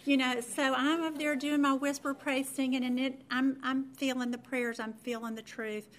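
Chatty woman, slightly high voice. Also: flat delivery, moderate pace. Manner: chatty, self-deprecating, many fillers and restarts. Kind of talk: personal testimony storytelling.

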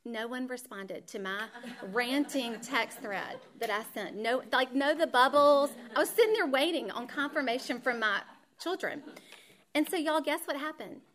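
A woman, teaching a Bible study with a lively personal story. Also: sits high, normal speed. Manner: animated storytelling, acts out voices in quotes, says "y'all".

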